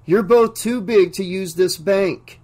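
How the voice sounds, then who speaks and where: A man voicing an entranced bank manager who talks slowly in a dreamy, sing-song way, reading an audiobook. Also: high-pitched, a little mellow, pitched above the performer's own voice. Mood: dreamy, grandiose. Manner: slow, sing-songy, dreamy.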